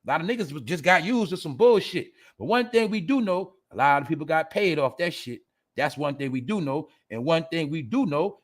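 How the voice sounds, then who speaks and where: Man, podcast host, profane, animated, laughing, slightly high voice. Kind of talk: casual commentary.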